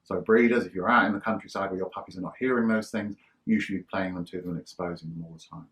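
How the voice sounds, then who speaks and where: Low-voiced man explaining dog training. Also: fairly even intonation, quick pace, fairly bright tone. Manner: conversational, explains with rhetorical questions and acted-out everyday examples. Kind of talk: instructional talk to camera.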